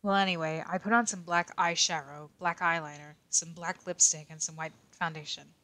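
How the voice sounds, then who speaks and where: A woman's voice: low-pitched, steady tone, moderate pace, bright, forceful tone, no echo. A woman voicing a shy teenage boy detective, reading a fan story aloud on a livestream with stumbles, restarts and weary asides. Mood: reluctant reading. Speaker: voice actor on a livestream.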